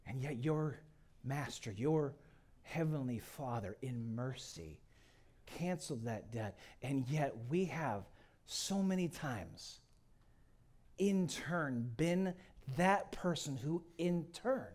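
A middle-aged man preaching a sermon. He tells the story dramatically, swinging from loud to hushed. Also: medium pitch, lively intonation, takes it slowly. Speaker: guest pastor.

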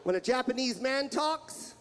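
A male stand-up comedian performing a set, loud and punchy, shouting his punchlines into a live show mic. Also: extremely high pitch, lively intonation, a little slow.

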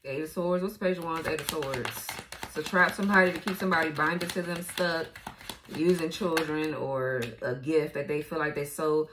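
A woman's voice: deep voice, steady tone, normal speed, noisy background. Blunt, profane woman reading tarot cards. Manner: blunt, profane, laughs often. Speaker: tarot reader.

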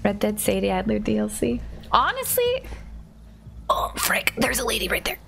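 A woman's voice: mid-range voice, huge pitch swings, moderate pace, gravelly, over music. A woman streamer giving casual commentary on her game and chatting with viewers. She often drops into a whisper while sneaking. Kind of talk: casual let's-play commentary.

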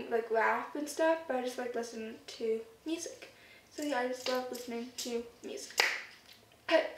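A woman chatting casually to her camera as a vlogger, rambling with lots of fillers. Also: high voice. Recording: roomy echo, distant mic, faint noise.

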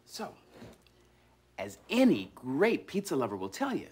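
A man's voice: a little high, huge pitch swings, a little slow, a little mellow, slightly rough. A man hosting a children's educational TV show, talking playfully straight to the viewer. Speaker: host. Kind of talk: children's TV presenting.

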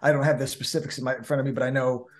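A man with a New Jersey accent, co-hosting a casual podcast chat in an animated, chatty way with frequent restarts. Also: mid-range voice, very fast. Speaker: co-host.

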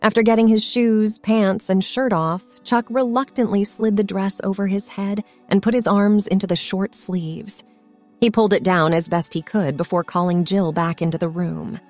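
A woman narrating a scripted story in an expressive reading voice. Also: mid-range voice, moderate pace. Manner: expressive, acts out the characters' lines. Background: faint background music.

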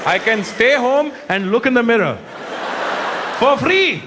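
A man doing a stand-up comedy set on stage, brashly teasing the audience and slipping into quick voices. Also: extremely high pitch, lively intonation, noisy background. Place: on stage in a large comedy venue. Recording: live show with crowd laughter and ambience.

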